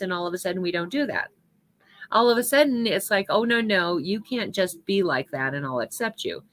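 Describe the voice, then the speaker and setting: Woman minister, lower-pitched but bright tone, chatty and personal delivery. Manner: conversational, personal, with laughs. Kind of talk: spiritual talk with personal story.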